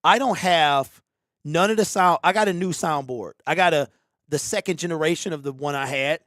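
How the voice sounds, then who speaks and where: A fairly high-voiced man hosts a live football watch party from a home streaming setup, calling the plays and bantering with his chat. His sound is close and dry, and he flares into exasperated outbursts when plays go wrong. He is from the Detroit area. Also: normal speed, fairly bright tone, no echo.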